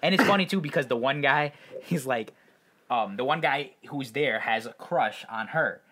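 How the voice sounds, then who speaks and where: In a casual podcast chat, a young man co-hosting the show rambles and leans heavily on filler words. He talks at a normal speed with lively intonation, and his mid-range voice is a bit bright.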